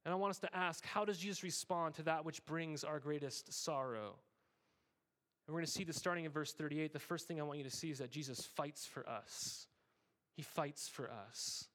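This pastor's sermon is chatty and animated, full of brief asides and repeated "okay?" to the congregation. He moves from casual joking into emphatic, earnest preaching, and his voice sits a bit higher than most men's.

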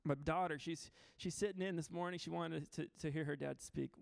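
A man's voice: on the high side, fairly even intonation, a little fast, vocal fry, dry recording, clean studio sound. Earnest man preaching casually. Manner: earnest and informal, with frequent restarts and fillers. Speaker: pastor. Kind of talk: conversational sermon.

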